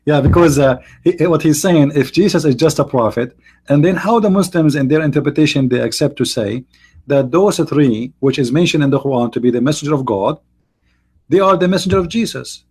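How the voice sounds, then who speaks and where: Husky man hosting a live stream. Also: on the high side, darkish tone. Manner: halting, many fillers and restarts. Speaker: host. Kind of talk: live-stream debate talk.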